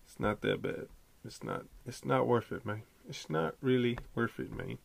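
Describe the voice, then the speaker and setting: A man hosting a podcast, delivering an animated, profane, slangy casual rant. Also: mid-range voice, normal speed, gravelly, slight background noise. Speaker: podcast host.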